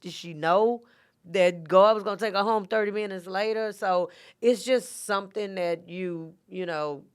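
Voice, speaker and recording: A middle-aged woman, a podcast guest who talks softly and reflectively, with many fillers. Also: medium pitch, measured pace, smooth. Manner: soft-spoken, reflective storytelling with many fillers. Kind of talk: casual interview talk.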